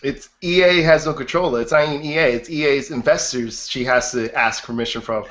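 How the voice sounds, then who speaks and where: A man's voice: medium pitch, brisk, a bit bright, lo-fi sound. A man co-hosting a gaming podcast, blunt and opinionated, retelling funny moments. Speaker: podcast co-host. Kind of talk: casual chat.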